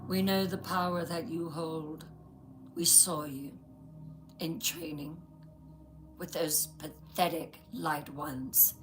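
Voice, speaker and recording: A woman voicing a sinister shapeshifting witch with a Scottish accent, speaking in a hushed, menacing whisper. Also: deep voice, fairly even intonation, takes it slowly, long pauses, over music.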